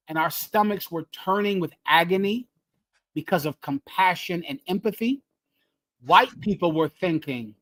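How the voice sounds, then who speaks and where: A man leading a group and preaching in a fiery, emphatic way, repeating his phrases and swinging from loud bursts to hushed lines. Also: high voice. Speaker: group leader teaching scripture. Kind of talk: fiery street-style preaching.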